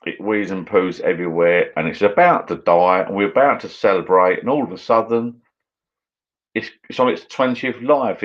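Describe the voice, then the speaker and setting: A man's voice: deep voice, normal speed, dull audio. A British man hosting a casual live stream, chatting loosely and reading viewer comments aloud as he drinks. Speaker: channel host.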